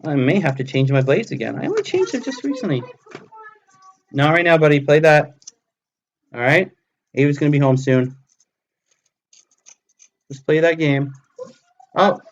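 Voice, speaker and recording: A man's voice: a little high, a little slow, pauses often, a bit bright. Chatty man narrating his hobby craft. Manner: chatty, talks himself through each step. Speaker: hobbyist live streamer. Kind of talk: casual live-stream commentary while crafting. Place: home hobby table.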